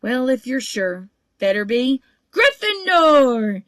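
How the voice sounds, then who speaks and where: A woman's voice: mid-range voice, measured pace, dry recording, close to an everyday voice. A woman voicing a shrewd old male magic hat that murmurs its thoughts and then bellows out its verdict, in a storybook reading. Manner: murmuring and musing, then bellowing house names. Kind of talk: audiobook character voice.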